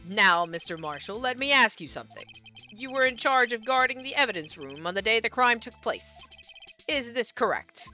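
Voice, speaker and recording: A woman's voice: a little high, lively intonation, moderate pace, bright, forceful tone, faint music behind. A woman voicing an earnest young male defense lawyer, asking direct, probing questions. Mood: questioning.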